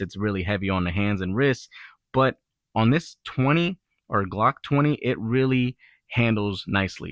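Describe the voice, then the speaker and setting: Low, bright-voiced man reviewing gear. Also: dry recording. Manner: relaxed, rambling, filler-heavy. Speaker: gun channel host. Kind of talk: casual product review talk.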